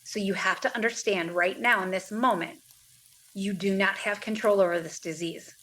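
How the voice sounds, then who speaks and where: A woman in her thirties tells her own story as a podcast guest. She speaks plainly and earnestly, voicing the people she talked to along the way. Her voice sits in a middle pitch. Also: fairly even intonation, normal speed, fairly bright tone, poor audio. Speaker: guest, mother of two. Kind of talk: personal story in a podcast interview.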